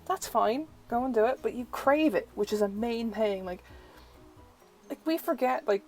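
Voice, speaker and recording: A woman's voice: fairly high pitch, lively intonation, normal speed, soft background music, low-quality recording. A young woman tarot reader, chatting through a first look at an oracle deck and filling her talk with "like". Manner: chatty, uses "like" a lot; gushing, easily delighted.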